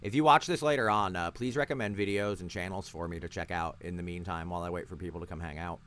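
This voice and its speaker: A man's voice: low voice, fast, a bit bright, slight background noise. Blunt, foul-mouthed man reacting on stream. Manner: profane, blunt and sarcastic. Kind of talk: casual live-stream commentary.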